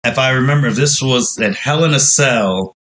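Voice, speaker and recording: A man's voice: mid-range voice, moderate pace, a bit bright, poor audio. A man hosting a podcast, telling a long, rambling recap with frequent exclamations. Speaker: podcast host.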